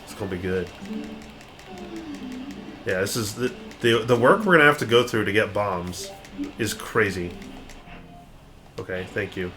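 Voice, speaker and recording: A man's voice: lowish voice, measured pace, pauses often, pushed and bright, poor audio. A man playing a video game, dryly planning his moves aloud in casual commentary. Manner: dry, plans moves aloud, wry. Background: game music.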